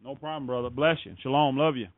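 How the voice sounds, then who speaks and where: A man's voice: medium pitch, fairly even intonation, fast, dry recording. A man hosting a religious call-in radio show, blessing callers with fervent praise. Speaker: radio ministry host. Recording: phone-like call-in radio audio.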